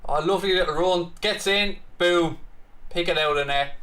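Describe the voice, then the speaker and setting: High-voiced, excitable Irish man. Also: moderate pace. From Ireland. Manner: excitable, chatty, swears freely, rants back at comments. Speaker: host of a football watchalong. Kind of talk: live casual match commentary and viewer chat.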